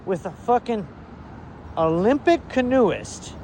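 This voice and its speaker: High-voiced man ranting slowly. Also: very animated, a little mellow, slight background noise. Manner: swears heavily, rambling and exasperated. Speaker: vlogger. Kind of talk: angry profane rant to camera.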